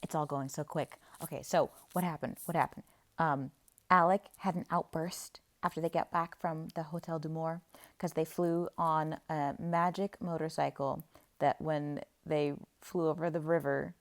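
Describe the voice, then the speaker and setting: A woman's voice: low voice, steady tone, normal speed. Chatty young woman recapping a book. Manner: chatty and playful, acts out characters' lines. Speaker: book vlogger.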